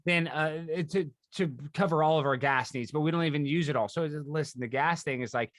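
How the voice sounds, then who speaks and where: A man's voice: fairly high pitch, dry recording, clean studio sound. A man hosting a podcast in casual chat, rambling with frequent restarts. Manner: rambling, restarts often, fast excitable talk. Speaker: podcast host.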